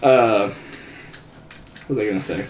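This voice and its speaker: A man's voice: lowish voice, a little slow. Laughing young man telling stories, echoey room. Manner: laughing, swearing storyteller who acts out his dad loudly. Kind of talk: casual chat. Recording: echoey room, faint noise.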